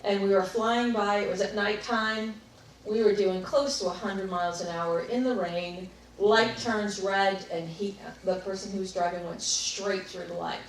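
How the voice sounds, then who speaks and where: A woman speaker telling a personal story to an audience, reflective and at times animated. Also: mid-range voice, unhurried, slight background noise. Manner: reflective, animated in parts, laughs while telling. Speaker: workshop speaker. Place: large room with a live audience. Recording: echoey room, picked up from a distance.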